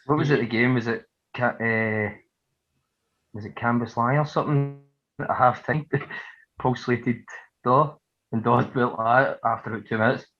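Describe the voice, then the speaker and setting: A man's voice: medium pitch, steady tone, normal speed, lo-fi sound. A Scottish man, a football club captain, giving dry short answers in casual chat.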